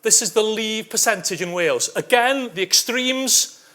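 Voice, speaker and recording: A man with a high, bright voice gives an academic conference talk, walking listeners through survey figures. He keeps checking in with a quick "okay?" and drops dry, wry asides along the way. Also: expressive.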